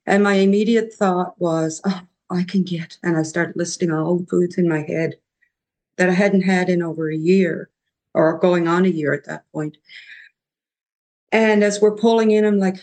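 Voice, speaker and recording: A woman, a podcast guest telling her recovery story in a reflective, halting way. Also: on the low side, vocal fry, darkish tone.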